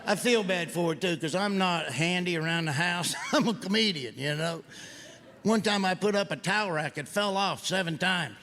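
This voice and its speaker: A man doing stand-up comedy, telling folksy stories loudly and mimicking other people's voices. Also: sits high, moderate pace, a little hiss or hum. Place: stage before a live audience. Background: audience laughter.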